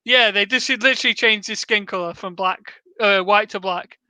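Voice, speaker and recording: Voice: medium pitch, normal speed, bright, forceful tone, smooth, dry recording. A co-host of a live reaction stream, sarcastic and giggling often. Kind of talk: casual reaction commentary.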